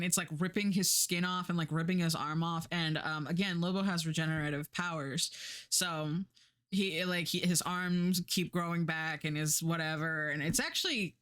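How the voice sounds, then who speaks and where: A woman's voice: on the low side, steady tone, moderate pace, a bit bright, smooth. Rambling, profane woman streamer. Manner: acts out quoted characters. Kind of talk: casual stream chat.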